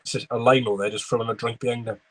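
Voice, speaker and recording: A man's voice: mid-range voice, little pitch movement, rapid-fire. A young man streaming a live football watchalong, giving running commentary and chatting with viewers. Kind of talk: live match reaction with chat replies.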